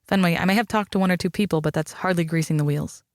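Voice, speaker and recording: A man voicing a powerful, guarded older father with a dry, measured manner in an audiobook. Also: sits high, dry recording.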